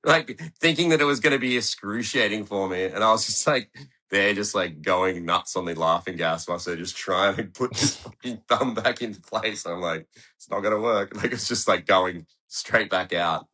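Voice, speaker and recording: A man's voice: lowish voice, moderate pace, pushed and bright. An Australian man from Tasmania telling a story in a casual studio interview, laid-back, swearing often and laughing as he talks. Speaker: guest skateboarder. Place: podcast studio.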